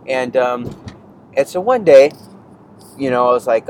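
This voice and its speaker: A male podcast host telling a personal story in a loose, rambling way. He gets animated, restarts his sentences and corrects himself as he goes. Faint noise sits behind his voice. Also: medium pitch, moderate pace, low-quality recording. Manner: rambling, animated, self-interrupting. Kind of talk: casual storytelling monologue.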